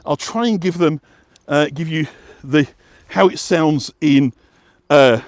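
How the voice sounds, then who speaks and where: This West Yorkshire vlog host speaks slowly in a fairly high voice, chatting and explaining as he walks an outdoor path. He rambles with plenty of fillers and restarts, and the recording is dry and studio quality.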